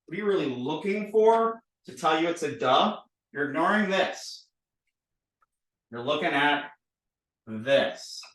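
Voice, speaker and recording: Lively man teaching in a roomy space. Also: fairly high pitch, measured pace, long pauses, distant mic. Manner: playful, repetitive drilling, animated. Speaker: language teacher. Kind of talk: recorded lesson, drawing letters. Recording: roomy, a bit off-mic.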